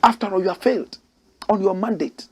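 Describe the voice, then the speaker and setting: A man's voice: high voice, fairly quick, darkish tone, breathy edge. A Ghanaian man hosting a political commentary show, preaching in rhetorical, outraged bursts. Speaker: host.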